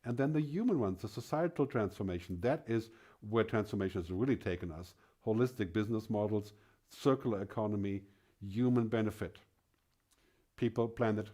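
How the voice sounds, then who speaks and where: A man's voice: on the low side, warm tone. A man giving a conference keynote speech, speaking emphatically with rhetorical questions and frequent tags of "right?".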